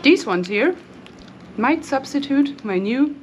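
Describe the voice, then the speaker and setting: A woman's voice: high-pitched, animated, slow pace, a little hiss or hum. A young woman co-hosting a casual vlog, chatty and playful as she tastes snacks and gives them ratings. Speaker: vlog co-host.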